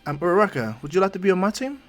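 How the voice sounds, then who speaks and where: A man voicing a calm, confident teenage boy hero who speaks in an easygoing, matter-of-fact way. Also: high voice, racing, faint music behind, voice pushed up.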